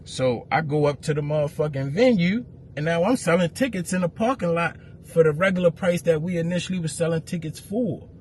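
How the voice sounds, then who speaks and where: A man, an event promoter telling a story to camera as a profane, heated rant that grows louder. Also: on the high side, fairly quick, few pauses, a little hiss or hum.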